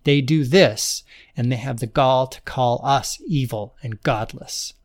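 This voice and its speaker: A firm young woman who steadies a frightened boy with direct, no-nonsense words, as a male storyteller puts her on. Her voice sits a little above the reader's usual middle pitch. This is a storybook reading. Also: normal speed, lightly acted. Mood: indignant. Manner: firm and direct, turning indignant. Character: stern, protective young woman guide.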